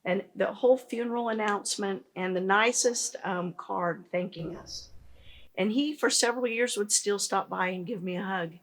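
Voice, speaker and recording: A woman's voice: mid-range voice, moderate pace. A woman, founder of a pet business, telling stories earnestly in a conversational interview, with frequent restarts.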